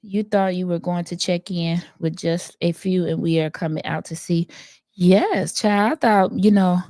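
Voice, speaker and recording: A woman doing an impression of a soft-spoken, gentle woman who greets live stream viewers slowly and hesitantly, with many ums and uhs. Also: on the low side, no room sound, clean studio sound, pitched below the performer's own voice, lightly acted.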